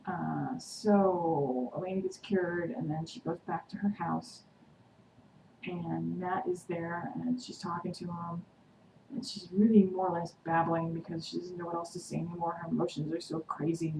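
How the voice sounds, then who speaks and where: A woman vlogger chatting through a TV episode recap, excitedly acting out the characters' quotes. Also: on the low side, normal speed, gravelly. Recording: echoey room, distant mic, noisy.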